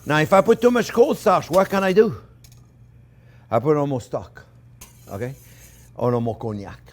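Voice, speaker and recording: A man's voice: a little high, moderate pace. A man with a French accent, a chef giving a chatty cooking demonstration in a kitchen, repeating himself and talking to viewers as friends.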